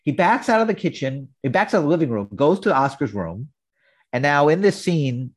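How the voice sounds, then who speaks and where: A man's voice: fairly high pitch, big pitch swings, fairly quick, dry recording. A man hosting, casually recapping a sitcom episode in a chatty, explanatory way.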